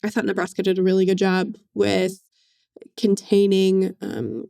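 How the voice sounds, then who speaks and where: A woman sports reporter co-hosting a podcast, talking casually in a halting way with many "um"s. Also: mid-range voice, little pitch movement, gravelly, dark tone, clean tone, dry recording, clean studio sound. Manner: halting, many "um"s, uneven pace.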